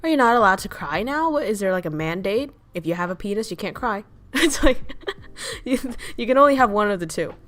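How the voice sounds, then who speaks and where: A woman's voice: mid-range voice, animated, a little fast, a bit bright. A woman streaming casual chat as a VTuber, ranting bluntly with lots of swearing, laughing and answering chat messages.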